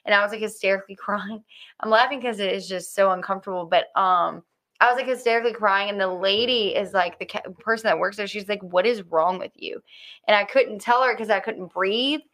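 A woman telling a personal story in casual conversation, halting often with fillers and restarts. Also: mid-range voice, fairly bright tone. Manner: hesitant, many fillers and restarts.

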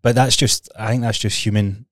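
Scottish man, low reassuring voice. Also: steady tone, normal speed, no echo, studio quality. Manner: reassuring, reflective advice-giving. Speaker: podcast co-host. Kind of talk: candid podcast conversation.

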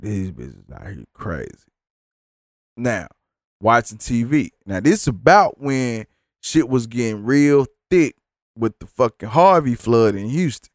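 A man on a podcast, sick and tired, who tells a rambling, profane story and mocks the people in it. His voice sits at a middle pitch and is recorded dry and close, with no room sound behind him. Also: no room sound. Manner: profane, animated storytelling with mocking quotes. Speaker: podcast host. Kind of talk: casual storytelling monologue.

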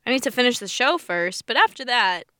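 A young woman co-hosting a podcast, chatting casually with quick asides and some swearing. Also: a little high, animated, sharp tone, no echo, clean studio sound. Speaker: podcast co-host. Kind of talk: casual chat.

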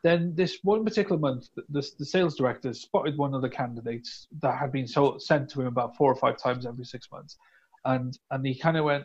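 A man in casual podcast chat, telling stories with lively acted-out dialogue. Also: medium pitch, brisk, husky, highs cut off. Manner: animated storyteller, acts out quoted dialogue. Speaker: recruitment business owner.

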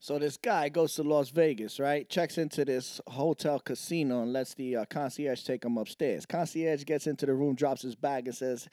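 Guy with a high voice telling a long dirty joke on a podcast, acting out all the parts, dry close mic. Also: brisk, few pauses, no room sound. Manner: animated joke-telling, acting out each character in a raised voice. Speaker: podcast co-host.

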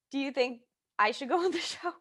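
A woman co-hosting a podcast in casual chat, giggly and animated, trailing off with fillers. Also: sits high, unhurried, no room sound, studio quality. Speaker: podcast co-host.

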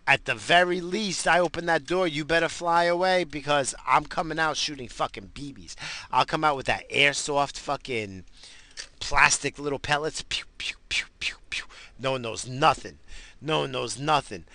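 A man who is high rambles through a profane, slang-heavy comic rant. His voice is gravelly with plenty of fry. The tone is hard-edged and very bright. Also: normal speed, no echo. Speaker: commentator.

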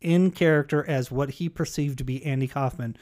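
A man's voice: fairly high pitch, brisk, a little mellow. A man telling a story in casual chat, swearing freely and acting out the quotes. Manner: profane storyteller, acts out quotes.

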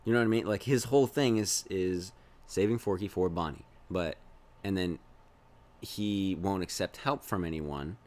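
A man's voice: low voice, moderate pace, a little mellow. A man hosting a podcast, chatting casually about a movie, rambling, chuckling and trailing off mid-sentence. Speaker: podcast host. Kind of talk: casual movie review chat.

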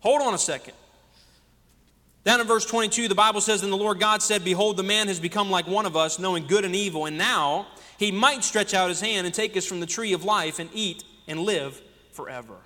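A man's voice: high-pitched, a little fast, sharp tone. A man preaching a sermon as senior pastor, asking the congregation one rhetorical question after another. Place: church sanctuary. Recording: long church hall reverb.

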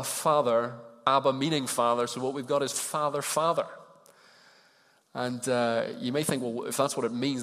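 A man delivers a sermon in an easy, conversational style and often turns questions to the people listening. His voice sits at a middle pitch and trails off into the long echo of a large church hall. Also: a bit bright. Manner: conversational, asks the congregation questions. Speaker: preacher.

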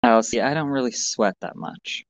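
A man co-hosting a podcast, chatting casually and swearing, animated. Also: normal speed, no room sound. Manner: animated, swearing, mimics others in a higher voice. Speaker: podcast co-host. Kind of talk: casual chat. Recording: dull lo-fi sound with faint noise.

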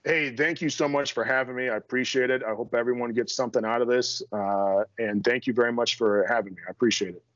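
A man's voice: mid-range voice, fairly even intonation, fast talker, hardly any pauses, a bit bright, dry recording, highs cut off. A middle-aged man, a strength coach, talking as a podcast guest in a blunt, direct, self-deprecating way. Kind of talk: casual interview chat.

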